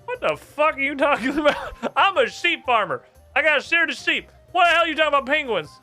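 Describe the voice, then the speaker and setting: A man putting on a cranky farmer who yells everything in a strained, high squawk, bright and lively, with every line sounding like an offended protest. The voice jumps about in pitch as he takes offence. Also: fast talker, faint music behind, heavily acted. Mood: exasperated shouting. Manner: shouty, indignant, high-pitched. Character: irate middle-aged male sheep farmer.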